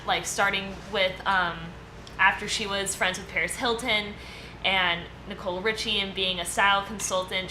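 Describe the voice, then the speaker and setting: A woman co-hosting a casual podcast discussion, presenting her segment in a loose, chatty way with lots of fillers and easy laughter. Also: mid-range voice. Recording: echoey room with steady background noise.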